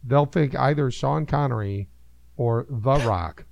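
A man's voice: mid-range voice, unhurried, creaky, a little mellow, dry recording. A man co-hosting a podcast in a casual comedic chat, joking, swearing and riffing on bits. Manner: joking, profane, riffs on bits. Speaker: podcast co-host.

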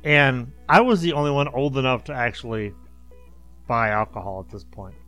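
A man's voice: mid-range voice, moderate pace, pushed and bright, soft background music. Laughing man telling a story. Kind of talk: casual chat.

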